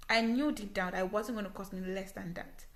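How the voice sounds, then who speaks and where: A woman's voice: mid-range voice, steady tone, fairly quick. A young Nigerian woman with a Nigerian English accent, telling a personal story to her vlog audience in an earnest, emphatic way, repeating phrases for stress. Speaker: vlogger. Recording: echoey room.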